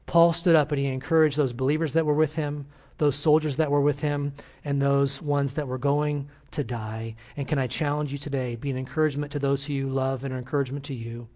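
A man's voice: medium pitch, steady tone, a little fast, hardly any pauses, a little mellow. A man, a senior pastor, preaching a sermon to a congregation in a church, telling stories earnestly and urging his listeners. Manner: earnest storytelling, emphatic exhortation.

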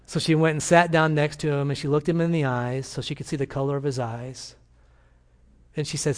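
A man with a fairly high voice preaches to his congregation in a church, telling a story earnestly. He moves from gentle storytelling into emphatic calls to act. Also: flat delivery, a little fast. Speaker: senior pastor. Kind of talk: sermon.

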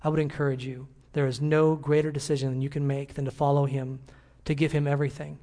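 A pastor closing a church service with a Bible verse and a gentle, earnest prayer to the congregation. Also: male voice, a little high, little pitch movement, fast.

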